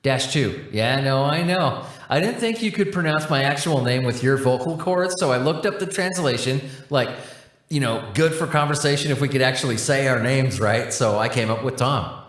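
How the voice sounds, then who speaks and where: A man's voice: mid-range voice, normal speed, a bit bright, lightly acted. A breezy, easygoing cosmic tech support being, chatty and full of slang, as a male narrator puts him on. His voice sits in a middling register. It comes through with a roomy echo around it. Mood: laid-back.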